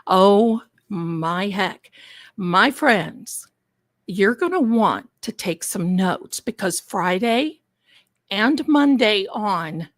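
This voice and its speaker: A woman hosts her own live stream in an unhurried, chatty way, full of asides and pet names for her viewers. Her voice is a little congested from allergies. The sound is dry and close, with no room around it. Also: mid-range voice, no echo. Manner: chatty, theatrical, addresses viewers as darlings. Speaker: livestream host. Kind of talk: casual livestream chat.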